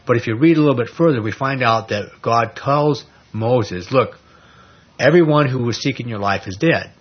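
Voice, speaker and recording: Man, husky voice, low pitch, casual Bible study teaching, muffled lo-fi recording. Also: moderate pace. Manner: conversational, speculative, animated retelling with filler words. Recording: dull lo-fi recording.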